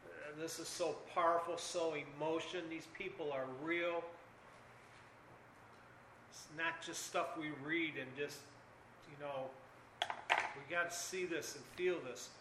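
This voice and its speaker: An older man delivers an earnest sermon in a high, bright voice. He moves between hushed reflection and loud, urgent emphasis. The sound rings with room echo over a faint background hum. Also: steady tone, takes it slowly, long pauses. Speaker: preacher.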